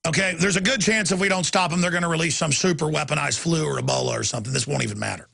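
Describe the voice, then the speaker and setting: A man's voice: fairly high pitch, racing, creaky, pushed and bright, breathy edge. A man hosting a talk show, delivering an angry, impassioned rant in a heated, emphatic way.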